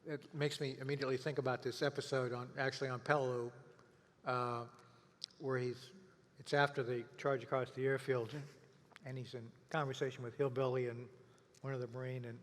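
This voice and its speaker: An older male historian asking questions and sharing memories in a halting way, often trailing off with fillers. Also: mid-range voice, level tone. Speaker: historian, interviewer. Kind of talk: interview conversation. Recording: long reverb of a hall.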